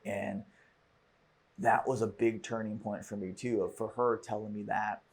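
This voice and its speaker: A man hosting a podcast, telling a personal story in a halting, reflective way with frequent restarts. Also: lowish voice, flat delivery, gravelly, breathy edge. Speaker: podcast host.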